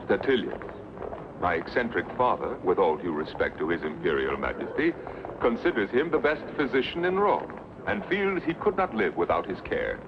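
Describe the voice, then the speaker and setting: A deep-voiced scheming Roman prefect. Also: male voice, sing-song, normal speed. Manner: suave, then cold orders. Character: scheming Roman prince, smooth and ambitious. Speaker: prefect of the Praetorium. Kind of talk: 1960s film dub. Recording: dull old film sound with hiss.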